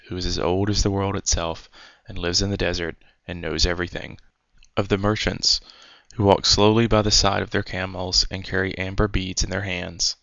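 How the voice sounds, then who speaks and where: A man reading a fairy tale aloud as a storyteller, in a measured, unhurried way. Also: sits low, gravelly, fairly bright tone, no echo. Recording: dry, dull lo-fi recording.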